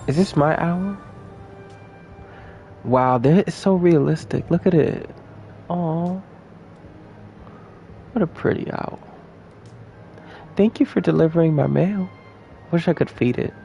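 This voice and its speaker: A man's voice: on the high side, moderate pace, vocal fry, pauses often, mellow, faint music behind. A young man giving casual, playful commentary while playing a video game and talking to his viewers. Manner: chatty, playful, talks to viewers. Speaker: gameplay streamer.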